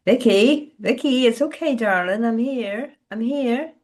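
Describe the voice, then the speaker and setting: A protective woman friend, firm and reassuring, as a woman reading her novel voices her. She speaks in short steadying phrases, a little higher than the reader's own low voice. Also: unhurried, darkish tone, close to an everyday voice. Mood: concerned.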